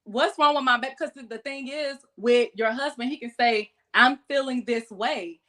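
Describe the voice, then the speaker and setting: A woman, a podcast guest casually telling animated stories about keeping exotic pets and acting out quoted voices. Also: high-pitched, normal speed. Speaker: guest, exotic pet keeper. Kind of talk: casual storytelling chat.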